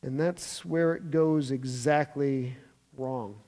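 A man preaching a sermon, retelling scripture with emphatic, animated storytelling and touches of humor. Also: mid-range voice, slow pace. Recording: long reverb of a large hall.

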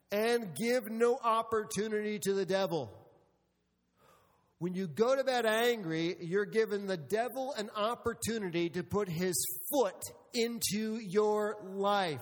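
Middle-aged male pastor, high voice, humorous storyteller, church hall reverb. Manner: storytelling with humor, addressing the congregation. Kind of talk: sermon.

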